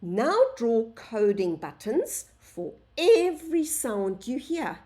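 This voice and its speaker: A woman teaching a phonics lesson to young children, sounding out letters and words slowly and calling the class "boys and girls". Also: on the high side, big pitch swings, mellow. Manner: slow, sing-song, sounds out letters, addresses "boys and girls".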